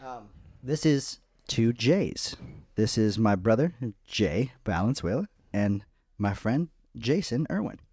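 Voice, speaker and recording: Laid-back swearing podcast host, dry room. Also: male voice, mid-range voice, expressive, slow, warm tone, husky, no room sound. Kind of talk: casual chat.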